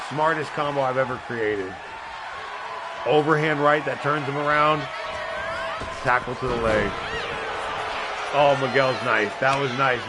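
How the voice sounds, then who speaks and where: A man with a nasal voice hosting a live wrestling video game stream, giving excitable, rambling play-by-play and chatting to his viewers. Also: mid-range voice, background noise. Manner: excitable, rambling, talks to a chat member by name. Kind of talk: casual live gameplay commentary.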